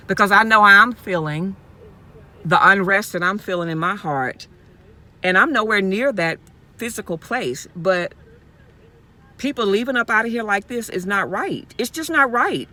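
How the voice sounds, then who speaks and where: A woman's voice: medium pitch, pushed and bright. A woman from Mississippi, talking straight to her viewers in a casual vlog, impassioned and repeating herself as she goes, speaking from her car. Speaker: YouTube vlogger.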